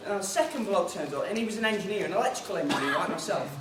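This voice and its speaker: A man organising and hosting a seminar tells an anecdotal joke and gives housekeeping notes in a chatty, storytelling way. His high-pitched voice is rapid-fire with lively intonation. Recorded from far off in a conference room on an air base, the audio sounds roomy and noisy.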